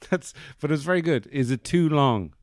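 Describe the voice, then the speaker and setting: A man's voice: a little high, lively intonation, moderate pace, no room sound, studio quality. A man hosting a podcast from his bedroom, chatting casually with playful, joking asides. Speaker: podcast host. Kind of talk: casual chat.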